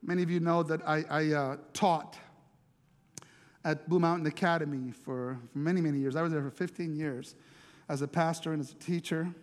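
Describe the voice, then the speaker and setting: A man's voice: a little high, steady tone, moderate pace, in a large hall. A middle-aged man preaching as a pastor, telling a story in a conversational way, often repeating words as he searches for them. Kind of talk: storytelling sermon.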